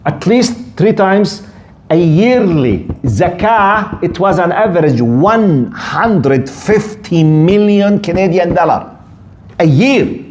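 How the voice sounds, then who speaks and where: A middle-aged man teaches a religious lesson in English, slipping in phrases as he tells stories. His voice sits a little high and swings widely in pitch as he animates each point. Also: takes it slowly. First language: Arabic. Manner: animated storyteller, mixes Arabic phrases into English. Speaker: Islamic scholar giving a tafsir lesson.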